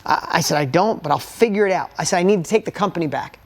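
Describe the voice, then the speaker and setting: A fast-talking man with a high, expressive voice tells stories in a motivational talk to an audience. He is blunt and candid, swears casually, lets his feelings show, and repeatedly tells listeners to take notes.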